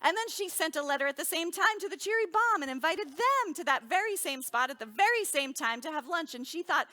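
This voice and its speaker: A woman telling a children's story at a service, animated and drawing the children in with questions and call-and-response games. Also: extremely high pitch, brisk, few pauses.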